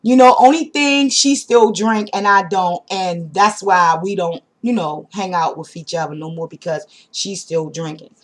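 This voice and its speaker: Animated woman telling a storytime. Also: on the low side, a little slow, hardly any pauses. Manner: animated, slangy, speaks directly to viewers. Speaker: vlogger. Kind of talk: casual storytime.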